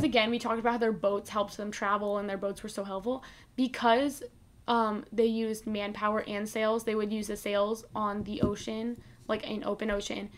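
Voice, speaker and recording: A woman co-hosting a podcast, explaining a history segment at length in a loose, informal way. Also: fairly high pitch. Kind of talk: casual chat.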